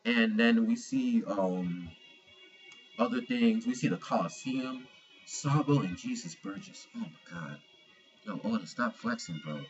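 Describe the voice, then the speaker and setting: Young man, casual manga review, slangy, cursing, mid pitch, dull lo-fi sound. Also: measured pace, soft background music. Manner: slangy and profane, animated retelling.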